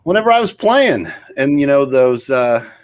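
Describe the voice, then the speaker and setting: A man's voice: mid-range voice, very animated, normal speed. A middle-aged man co-hosting a casual show, chatting in an easygoing, rambling way. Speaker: podcast co-host. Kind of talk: casual chat.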